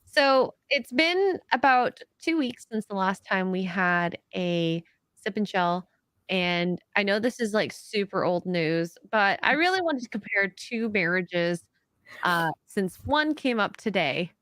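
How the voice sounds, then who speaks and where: A woman's voice: mid-range voice, animated, slow pace, fairly bright tone, dry recording. A woman co-hosting a podcast, chatting casually, reading out donation messages and laughing easily. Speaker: podcast co-host.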